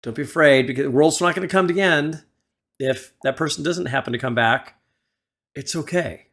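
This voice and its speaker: A man hosting a music reaction video, gently advising the viewer like a mentor into a desktop studio mic. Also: on the high side, moderate pace. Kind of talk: casual reaction commentary. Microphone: desktop USB studio microphone.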